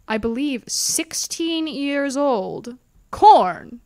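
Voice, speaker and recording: A woman co-hosting a podcast in casual chat, lively and opinionated, with quick jokes. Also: sits high. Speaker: esports podcast co-host.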